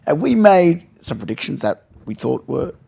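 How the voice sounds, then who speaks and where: A man co-hosting a casual football podcast, playful and excitable, needling his co-host with questions. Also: a little high, normal speed, gravelly, husky.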